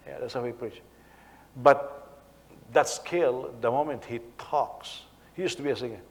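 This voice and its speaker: A man, a senior pastor, preaching a sermon in an animated, halting way, often repeating words as he goes. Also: medium pitch. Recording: long reverb of a hall.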